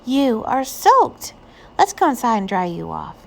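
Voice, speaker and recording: A woman voicing a cheerful, literal-minded housekeeper in a children's storybook, earnest and bright. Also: a little high, very animated, measured pace, gravelly, a little hiss or hum, pitched above the performer's own voice, heavily acted.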